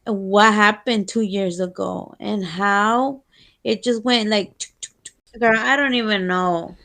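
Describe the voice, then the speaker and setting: Slow, gravelly Latina podcast co-host. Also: female voice, medium pitch, fairly even intonation, a bit bright. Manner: candid, profane, switches into Spanish. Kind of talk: casual chat.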